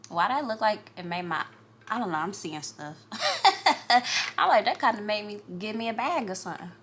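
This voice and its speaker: A woman chatting casually in a vlog from her makeup table, talking to viewers as y'all and honey in a lively, animated way. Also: medium pitch, normal speed, a little hiss or hum. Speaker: vlogger.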